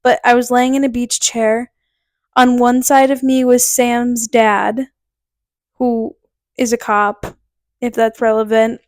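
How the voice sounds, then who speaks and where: A woman's voice: a little high, level tone, slow, pauses often, a little mellow, no room sound, studio quality. A young woman from Connecticut hosting a podcast, telling a personal story in a chatty way, with lots of "like" fillers and laughter. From Connecticut, USA. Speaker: podcast host. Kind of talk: casual storytelling.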